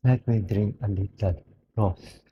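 A hoarse man with a Filipino accent, a doctor giving an earnest, pleading personal monologue. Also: lowish voice, a little slow, dull audio, slight background noise. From Philippines. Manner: earnest, pleading, switches between English and Tagalog.

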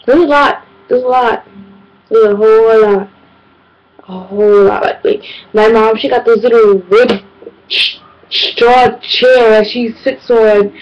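A woman's voice: a little high, unhurried, highs cut off. A young woman, telling exasperated comedic stories in a casual, slangy vlog monologue. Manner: animated, exasperated, slangy storytelling. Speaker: vlogger.

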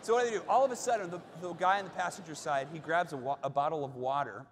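A male pastor preaching a sermon and telling a personal story with animated delivery, acting out shouts and quotes. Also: fairly high pitch, fast talker, background noise. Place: church auditorium. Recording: long reverb of a large hall.

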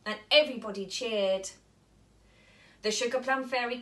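Reading a picture book to young children at a nursery, a woman storyteller stays animated and puts questions to them. She speaks unhurriedly in a mid-range voice.

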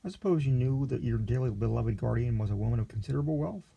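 Brief: man playing a condescending, grasping lawyer with a gravelly, dark tone. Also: medium pitch, fast talker. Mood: scheming. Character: greedy smooth-talking male city lawyer.

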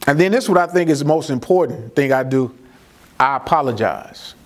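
Animated man speaking to a crowd. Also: fairly high pitch, fairly quick. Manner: animated storyteller who acts out his own dialogue. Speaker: juvenile court judge. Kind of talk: speaking to a community audience.

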